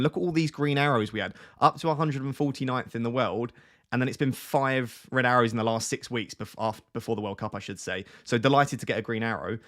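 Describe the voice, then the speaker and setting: A man with a medium-pitched, slightly bright voice hosts a casual fantasy football live stream from a small room at home. He chats and greets viewers by name, his webcam close on his face.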